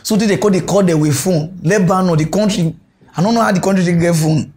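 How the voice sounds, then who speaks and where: A man's voice: sits high, fairly quick, darkish tone. A man with a Nigerian Pidgin accent hosting a comic mock news show, rambling and teasing as he mixes Pidgin and English. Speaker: comedy show host.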